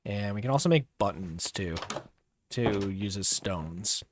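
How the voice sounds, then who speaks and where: Young man, livestream gameplay chat, slow and easygoing, lots of fillers and pauses, faint background hiss. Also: lowish voice. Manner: relaxed, rambling, many fillers and pauses. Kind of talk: casual gameplay commentary.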